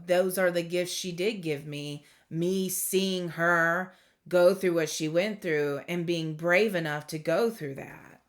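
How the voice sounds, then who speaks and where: A woman giving a tarot reading to camera, speaking in a heartfelt, reflective way with pauses and fillers. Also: low-pitched. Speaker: tarot reader.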